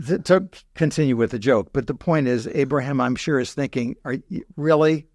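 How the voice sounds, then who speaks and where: A man's voice: medium pitch, fairly quick, darkish tone, no echo. Older man, history professor, podcast guest, rambling explainer, self-correcting, wry humor, dry close sound. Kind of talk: explanatory conversational lecture.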